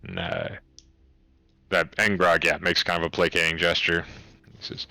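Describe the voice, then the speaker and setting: A man narrating as game master of a tabletop game, halting and often restarting as he describes the scene and speaks for the characters. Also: low voice, sing-song, vocal fry, sharp tone, no echo. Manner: halting, with many fillers and restarts.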